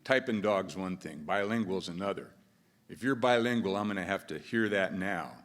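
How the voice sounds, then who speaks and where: A man's voice: low-pitched, moderate pace, a bit bright. An American man playing an amused office boss interviewing applicants, in a dry, conversational way. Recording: long reverb of a large hall.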